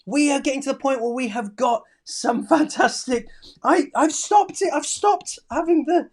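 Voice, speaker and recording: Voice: sits high, normal speed. Schoolteacher, upbeat and praising, live online class for kids. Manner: encouraging, praising, reads out answers. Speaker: primary school teacher. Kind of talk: live online lesson for children.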